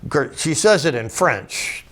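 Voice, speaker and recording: A man's voice: on the high side, very animated, slow, a bit bright. A man giving an informal, rambling lecture over slides as a political commentator, often restarting his sentences and adding wry asides. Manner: rambling, digressive, with frequent restarts.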